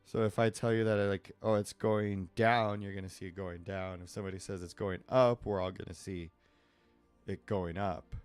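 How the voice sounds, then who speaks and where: Low-voiced guy rambling on stream while he draws, laughs a lot, faint music behind. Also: steady tone, a little fast, a little mellow, clear, resonant tone, no echo. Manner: rambling and digressive, laughs often. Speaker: live-stream artist. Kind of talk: casual chat while drawing.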